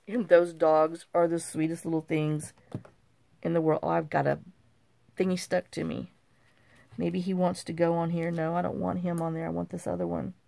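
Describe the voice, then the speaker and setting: A woman's voice: lowish voice, vocal fry, no room sound. A woman hosting a crafting video, chatting and telling a rambling story while she works on journal cards. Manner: rambling, repeats "I said" and "you know"; warm, gossipy and easily amused. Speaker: crafting channel host.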